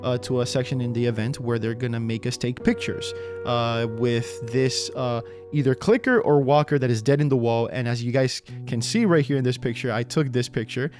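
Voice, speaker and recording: A man recounting an event in a casual vlog, excited and rambling, with lots of "you know" and "uh". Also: mid-range voice, normal speed, music in the background. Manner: acts out quotes, whispers an actor's lines. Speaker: video creator recounting an event.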